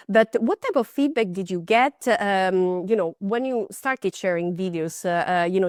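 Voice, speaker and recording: A woman's voice: medium pitch, no echo, studio quality. A woman hosting a podcast interview, asking questions in a chatty way full of fillers. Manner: chatty, many fillers like "you know". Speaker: podcast host. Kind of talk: conversational interview.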